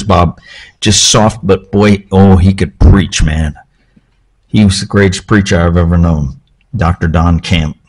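Low-voiced pastor preaching casually. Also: male voice, darkish tone. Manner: conversational, frequent "okay?" checks and restarts. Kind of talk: sermon. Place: church.

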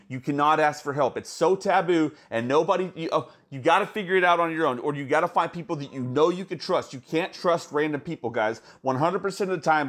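A man talking fast and excitedly in a casual vlog, swearing a lot and calling his viewers "guys.". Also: a little high. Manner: excited, profane, repeats "guys". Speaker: crypto YouTuber.

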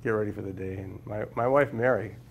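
Male guest scientist from Minnesota, raspy low voice, wry storytelling with restarts. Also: brisk, a little hiss or hum. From Minnesota, USA. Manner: humorous storyteller, repeats words while finding them. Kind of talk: anecdotal talk to a class. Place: lecture room with a live audience.

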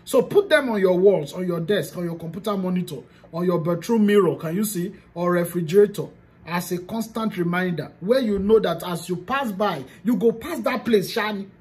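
A woman's voice: fairly low pitch, moderate pace, darkish tone. A woman with a Nigerian accent giving a motivational coaching talk. She talks emphatically, repeats key phrases and slips into pidgin. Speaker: business coach.

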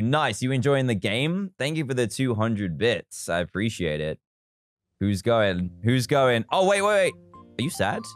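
A man's voice: medium pitch, no echo. A man hosting a live game stream in a playful, chatty manner, thanking viewers as he plays. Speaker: livestream host.

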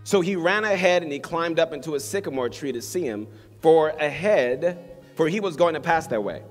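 A man's voice: a little high, animated, normal speed. A man preaching a sermon to a congregation in a church, reading scripture and praying in a fervent, exhorting way. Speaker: pastor. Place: church hall with live congregation. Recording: long hall reverb, soft guitar behind.

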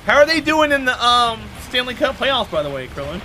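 Bright-voiced, high-pitched man streamer chatting. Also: sing-song, fairly quick, hardly any pauses, a little hiss or hum. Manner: joking, teasing chat banter. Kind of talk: casual chat with live stream viewers.

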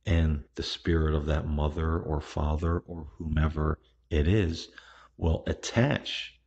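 A muffled, dull lo-fi recording carries a man's very deep, gravelly, husky voice as he hosts a podcast. He talks at an easygoing, slow pace in a casual monologue, with plenty of fillers and restarted sentences.

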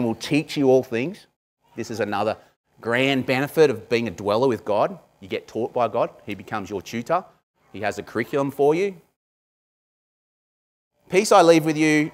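A man, a pastor, giving a conversational sermon, with frequent asides to the congregation. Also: medium pitch.

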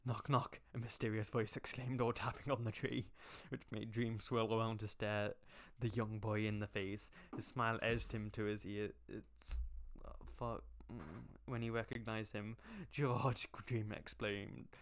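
A man's voice: fairly low pitch, flat delivery, normal speed, slight background noise. A man streaming as he reads a fanfic aloud, reluctant and exasperated, breaking off to complain and swear. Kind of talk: live-stream reading with comic asides.

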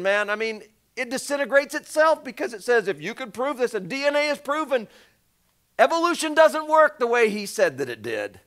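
A male pastor preaching a conversational sermon, swinging between shouts and hushed asides. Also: extremely high pitch, creaky.

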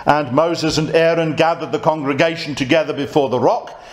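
Guy preaching, kinda high voice, chatty, echoey church room. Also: fairly even intonation, fairly quick. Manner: conversational preaching, reads scripture aloud. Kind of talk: sermon.

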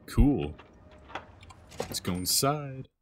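A man's voice: medium pitch, big pitch swings, drawn-out words, a little hiss or hum. A man giving casual gameplay commentary as a let's play host, rambling and self-deprecating, with lots of hesitant fillers.

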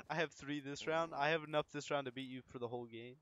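A man hosting a gaming video, chatting casually while playing, excitable and gloating, laughing often. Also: on the high side, fairly quick, dry recording. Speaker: gaming channel host. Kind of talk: casual gameplay banter.

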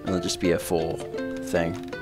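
A man's voice: sits low, level tone, unhurried, over music. A man hosting a casual game stream, thinking aloud and laughing often as he sets up. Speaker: streamer host. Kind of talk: casual chat while setting up a game stream. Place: home streaming setup.

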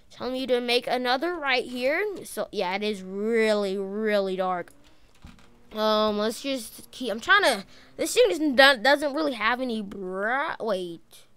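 A woman narrating her own driving role-play in a game in a chatty, excitable way, tossing out "bro" and "dude" as she talks. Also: fairly high pitch, no room sound. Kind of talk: casual in-character game role-play commentary.

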